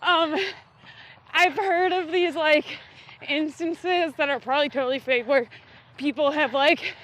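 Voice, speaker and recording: Playful woman co-host, high and bright. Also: fairly even intonation, a little slow. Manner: playful, teasing, hesitant with many ums. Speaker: podcast co-host. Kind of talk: casual chat.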